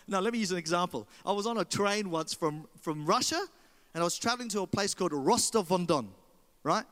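High-voiced Australian preacher in a hall. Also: male voice, a little fast. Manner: animated storyteller, addresses congregation. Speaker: pastor. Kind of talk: sermon.

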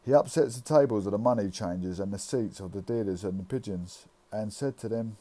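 A man reading scripture aloud, halting, with frequent slips and restarts. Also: lowish voice, warm tone. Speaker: scripture reader.

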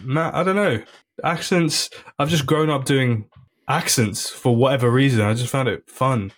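A man, a comedian guest in a casual podcast chat, laid-back and quick to laugh. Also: medium pitch.

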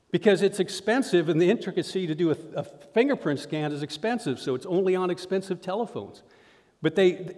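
High-voiced preaching man in a hall. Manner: energetic preaching, addresses crowd as folks. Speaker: pastor. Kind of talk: sermon. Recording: reverberant hall sound.

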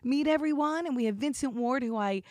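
A woman, an actress, chatting in a podcast interview, effusive and gushing, with lots of fillers and big swings in pitch. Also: a little fast, a little mellow, no room sound, studio quality. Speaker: actress guest.

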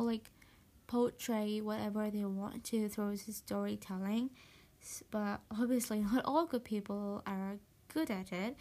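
A podcast host whose first language isn't English chats loosely with lots of fillers and restarts. Her voice is on the high side with a dark tone, recorded as a voice message.

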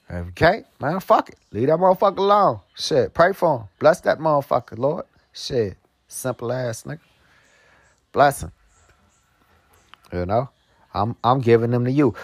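A man talking in a loose, profane monologue full of street slang and filler asides. He drawls slowly and then breaks into quick, heated storytelling. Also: medium pitch, no room sound, studio quality. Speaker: host. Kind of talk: casual monologue.

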